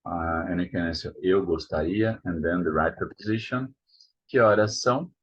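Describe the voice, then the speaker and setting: A Brazilian man teaching Portuguese, saying each word slowly and repeating it to model the pronunciation. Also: deep voice, slightly rough. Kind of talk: language lesson. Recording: dull lo-fi sound.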